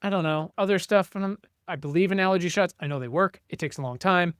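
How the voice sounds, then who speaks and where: A middle-aged man in casual podcast chat, ranting and swearing as he mimics his family. His voice sits a bit high, and the sound is dry and close. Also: fast talker, fairly bright tone, clean tone, no echo. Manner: ranting, profane, acts out family members' voices. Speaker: podcast co-host.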